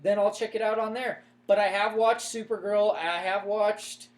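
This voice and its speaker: A man's voice: sits high, fairly even intonation, moderate pace. A young man co-hosting a podcast, talking casually about comics and games in a loose, rambling way full of fillers and restarts. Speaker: podcast co-host. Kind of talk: casual chat.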